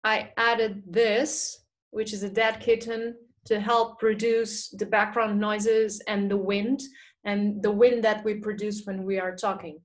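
A woman's voice: medium pitch, little pitch movement, slow pace. A woman presenting a webinar, reading out audience questions and answering them in a chatty way with many fillers. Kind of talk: live webinar Q&A. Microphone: small video mic or phone.

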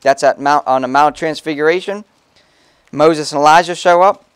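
A man's voice: fairly high pitch, normal speed, smooth, dry recording. A pastor preaching a sermon in a casual, conversational way, reading scripture aloud and checking in with his listeners. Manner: casual preaching, reads scripture aloud, frequent "okay?" asides. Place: church.

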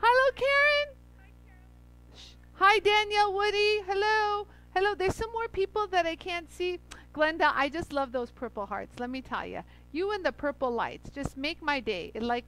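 High pitched gal chatting away on a live stream, bubbly, keeps saying hi to folks. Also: female voice, fairly bright tone, poor audio. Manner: chatty and effusive, greets viewers by name; laughs often. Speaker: livestream host demonstrating stone grinding. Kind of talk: casual livestream chat and demo.

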